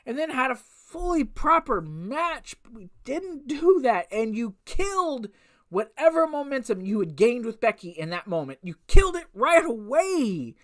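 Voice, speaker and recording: Slow-talking woman venting in a casual review. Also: a little high, big pitch swings. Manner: exasperated ranting with frequent swearing; repetitive restarts and rhetorical questions. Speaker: wrestling show reviewer.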